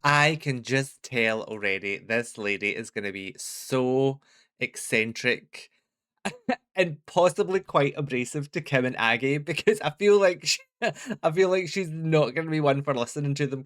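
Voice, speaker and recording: A Scottish man hosting a reaction video, talking casually in a middle-pitched voice. He keeps up a chatty, joking commentary and laughs often. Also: a little slow, fairly bright tone.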